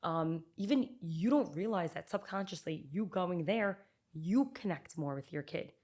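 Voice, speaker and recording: A woman who works as a parenting coach and behavioral therapist, talking in a chatty, animated way with many fillers as a podcast guest. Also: on the low side, measured pace. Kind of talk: casual interview chat.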